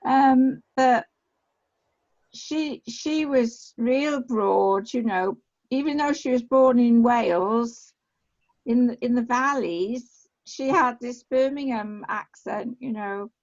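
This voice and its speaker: High-voiced woman, slow chatty talk. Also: darkish tone. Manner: chatty, repeats herself. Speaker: online class participant. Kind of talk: casual chat. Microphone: video call. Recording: dull lo-fi video call audio.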